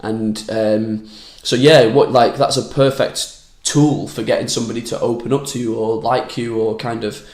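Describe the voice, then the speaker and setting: Brief: young comedian guest, candid rambling chat, mid-pitched voice, recorded in a roomy space. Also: male voice, steady tone, moderate pace, hardly any pauses, a little mellow. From Manchester, England. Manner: rambling, candid, restarts sentences often. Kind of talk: casual podcast chat. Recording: roomy echoey room.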